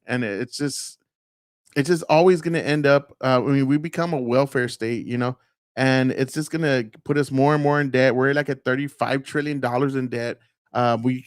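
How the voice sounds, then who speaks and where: A man's voice: mid-range voice, dry recording, studio quality. Blunt, profane man ranting. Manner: blunt, profane, rambling with many fillers. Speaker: host. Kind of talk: casual political commentary.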